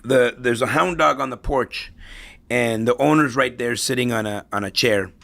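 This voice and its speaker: A middle-aged man talks as a guest in a relaxed interview, his voice rough with vocal fry and sitting at a medium pitch. He tells stories and checks in with the listener by asking "right?" after his points. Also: moderate pace. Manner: storytelling, tags points with "right?". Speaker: interview guest, real estate investor. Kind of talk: casual conversational interview.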